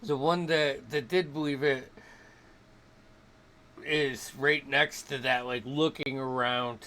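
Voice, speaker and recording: A man running a tabletop game as game master, talking in halting starts with repeated words and frequent laughs. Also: mid-range voice, fairly even intonation, pushed and bright.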